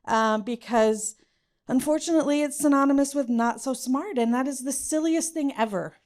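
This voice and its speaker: Smooth, high-pitched woman speaker. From Southern US. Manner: chatty, self-deprecating storytelling. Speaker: conference speaker. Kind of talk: conference talk.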